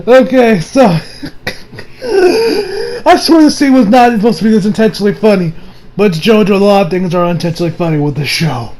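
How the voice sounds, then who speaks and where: A young man casually reviewing an anime episode, excitable and swearing freely. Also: high voice, normal speed. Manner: excitable, swearing, laughing a lot.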